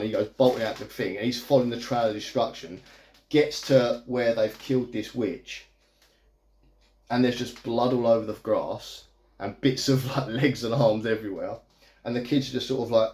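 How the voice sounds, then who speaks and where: A man's voice: mid-range voice, a little mellow. A man in a casual video review, recapping a movie plot in a chatty, amused, rambling way. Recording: echoey room.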